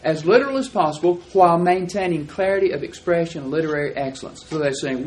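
A man teaching a Bible class, explaining verses and reading them out slowly and deliberately. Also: a little high, expressive, a little mellow, rough recording.

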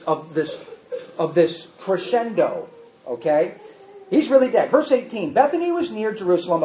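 Male Bible teacher, high voice, emphatic and repetitive, quizzing the group; muffled, roomy recording. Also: darkish tone. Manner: emphatic, repeats points, quizzes listeners. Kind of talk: teaching Bible study, reading and explaining scripture. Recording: dull echoey room recording.

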